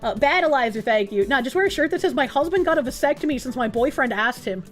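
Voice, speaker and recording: A woman from New England with a Boston-area accent, reading chat on her stream, swearing loudly and breaking into shrieking laughs. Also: expressive, fast, faint music behind. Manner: loud, swearing, bursts into high laughing shrieks.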